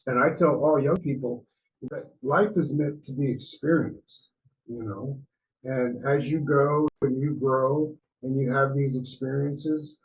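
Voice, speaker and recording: A man co-hosting a podcast, giving relaxed, mentoring advice in a casual chat. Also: mid-range voice, lo-fi sound, slight background noise. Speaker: podcast co-host.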